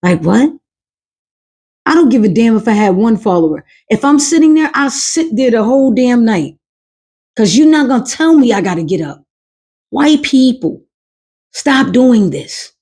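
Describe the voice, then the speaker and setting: A woman's voice: on the high side, warm tone, breathy edge. A woman hosting a podcast, giving blunt, emphatic commentary in a casual way. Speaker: podcast host.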